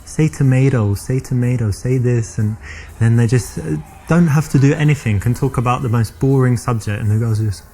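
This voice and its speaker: A man's voice: medium pitch, dark tone, natural voice. A man playing a smug London flirt. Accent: London English. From England. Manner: smug, self-assured, halting with fillers. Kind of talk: game dialogue acting.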